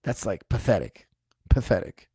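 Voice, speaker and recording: With a breathy edge to his slightly strained, lowish voice, a man who coaches martial arts takes viewer questions on a casual livestream. He is animated, mocking and incredulous, speaking at an ordinary pace. There's no room sound, and the quality is studio-grade.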